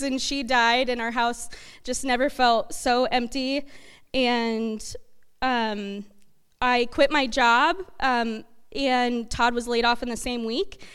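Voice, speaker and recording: A woman giving a talk to her church congregation, halting and full of fillers. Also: a little high, a bit bright, clear, resonant tone. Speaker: church speaker. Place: church hall. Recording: echoey hall reverb.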